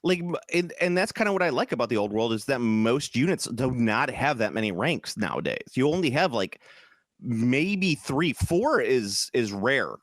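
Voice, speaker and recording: Midwestern man, podcast co-host, lively swinging delivery, dry close mic, swears a lot. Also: medium pitch, moderate pace, dry recording. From American Midwest. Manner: animated, profane, jokey, slips into mock British voices. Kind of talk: casual chat.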